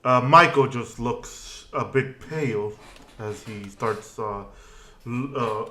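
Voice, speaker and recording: A man narrating a tabletop game as game master, halting and full of restarts, recorded in an echoey room. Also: medium pitch, sharp tone.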